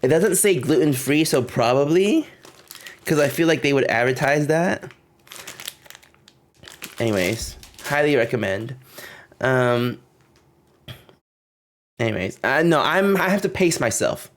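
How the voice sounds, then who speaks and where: A man's voice: on the high side, animated, measured pace, long pauses. Giggly young man chatting on stream. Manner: chatty and giggly, rambling with frequent fillers. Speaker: livestreamer. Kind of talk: casual livestream chat.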